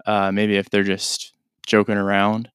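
A man's voice: fairly low pitch, completely flat delivery, a little slow, a bit bright, clear, resonant tone, dry recording, studio quality. Laid-back man hosting a teaching podcast. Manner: laid-back, chatty, informal explanations. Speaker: podcast host and English teacher.

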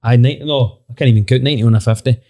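A man's voice: mid-range voice, very fast, warm tone. A man, a band member telling a wry, laughing anecdote in a casual chat.

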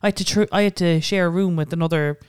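A man's voice: sits high, fairly even intonation, fast talker, clean tone, no echo, studio quality. A man with a Cork accent co-hosting a podcast, talking in casual chat with dramatic exaggeration and lots of "like". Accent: Irish, Cork. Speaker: podcast co-host.

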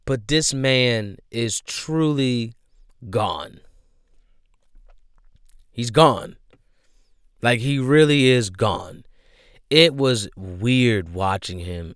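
A young man rants straight to the mic in slow, drawn-out phrases. His voice is smooth and clear in a dry, close sound. He is slangy and emphatic and circles back to the same points again and again. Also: lowish voice, dry recording. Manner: slangy, emphatic, repeats himself, leans on "bro". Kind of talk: casual commentary rant.

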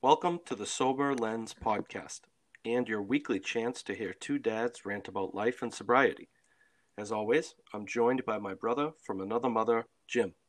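Middle-aged guy, kinda low voice, reading his podcast notes steady and calm. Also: moderate pace. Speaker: podcast co-host. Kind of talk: scripted podcast talk.

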